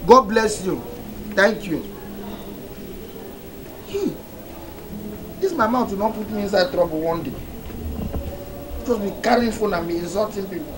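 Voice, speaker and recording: An actor with a Nigerian Pidgin English accent playing a brash talkative young man who is loud, excitable and quick to grovel, in a film. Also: high voice. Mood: rowdy. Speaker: character in a film. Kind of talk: film acting. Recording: noisy film location sound.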